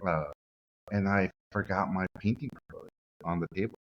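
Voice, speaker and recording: Man in his forties from Mexico, animated guest storyteller, lowish voice, dull podcast audio. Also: moderate pace. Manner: lively storyteller acting out quotes.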